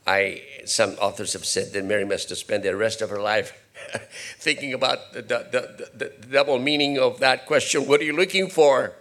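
A man preaching a sermon, moving between quiet, low asides and loud, high-pitched rhetorical questions. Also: moderate pace. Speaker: pastor.

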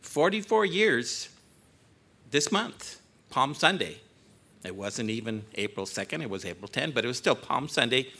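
A man's voice: mid-range voice, big pitch swings, a little slow, pushed and bright. A man in his sixties, a guest preacher in a church, choked up and joking at himself as he opens his sermon. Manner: choked up, joking, self-deprecating. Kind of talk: emotional sermon opening. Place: church sanctuary.

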